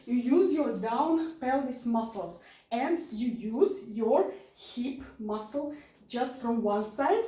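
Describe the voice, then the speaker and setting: A woman's voice: sits high, darkish tone. A woman teaching an online dance class in non-native English, giving repetitive cues and counting out the moves. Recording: roomy studio, voice from a distance, music behind.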